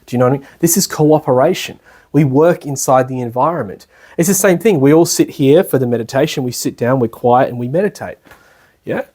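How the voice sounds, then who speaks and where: Chatty Australian man, husky voice. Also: mid-range voice, expressive, a little fast, darkish tone. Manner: chatty and colloquial, often checks in with listeners, acts out people he describes. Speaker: spiritual lecturer. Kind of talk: casual spoken lecture. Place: lecture room at a retreat centre.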